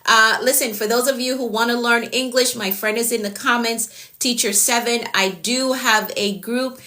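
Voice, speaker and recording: A woman's voice: fairly high pitch, steady tone, moderate pace, sharp tone. A woman from Jamaica with a Jamaican accent, a productivity coach chatting on a live stream, repeating her points and answering viewers' comments as they come in.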